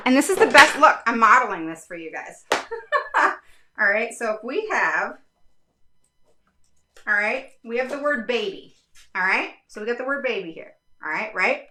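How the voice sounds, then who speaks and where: A middle-aged woman explaining reading instruction to parents in a casual, animated talk, often checking in with "all right?". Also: fairly high pitch, a little hiss or hum. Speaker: special education advocate.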